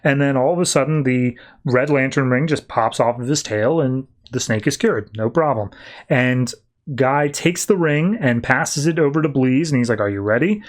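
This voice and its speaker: A man's voice: medium pitch, normal speed. Chatty man recapping comics. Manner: chatty, many "like" fillers. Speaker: podcast host. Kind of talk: casual comic book recap.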